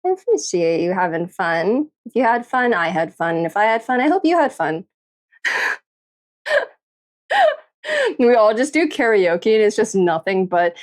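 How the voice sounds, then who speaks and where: A woman's voice: medium pitch, lively intonation, measured pace, long pauses. A woman livestreamer chatting casually late at night, tired and a little tipsy, giggling often and swearing freely as she rambles. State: tired and tipsy after drinking.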